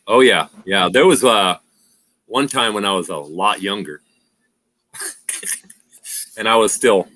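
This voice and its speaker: Middle-aged guy on a home livestream, bright punchy voice, rambly, laughs a lot. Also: on the low side, slow pace, long pauses. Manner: rambling, laughs often, says "freaking". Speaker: livestream host. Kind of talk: casual chat and storytelling.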